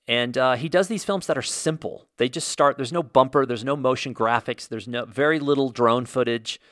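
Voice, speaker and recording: A man's voice: mid-range voice, moderate pace, fairly bright tone, no echo, clean studio sound. A man hosting a solo podcast, talking in a blunt, opinionated way and ranting with the odd mild swear. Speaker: podcast host.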